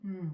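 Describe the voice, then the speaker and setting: An older woman from Louisiana with a Southern US accent, chatting to her viewers while she decorates a cake in her home kitchen. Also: highs cut off. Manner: chatty, talks straight to viewers as "y'all". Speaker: home cooking vlogger. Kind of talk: casual cooking demonstration. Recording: roomy kitchen echo.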